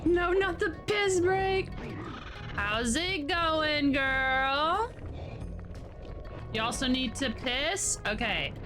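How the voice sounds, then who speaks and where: A young woman streamer chats casually with her viewers in a playful, goofy way, swearing freely. Her voice is a little high and bounces up and down, and she talks unhurriedly while game music plays underneath. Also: animated, extremely slow, pauses often. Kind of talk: casual live-stream chat.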